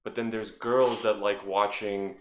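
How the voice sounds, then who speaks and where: A man's voice: on the low side, level tone, unhurried, slight background noise. A man joking and making provocative asides in casual podcast banter.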